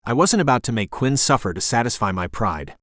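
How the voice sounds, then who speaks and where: A man narrating a romance audiobook in the first person, calm and even. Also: mid-range voice, fairly quick, no echo, studio quality.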